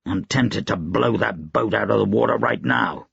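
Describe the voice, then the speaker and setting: A man's voice: lowish voice, normal speed, creaky, fairly bright tone, breathy edge, no echo, heavily acted. A man voicing a stern male field marshal who talks in terse growls, in an audiobook. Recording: dry, slightly dull recording.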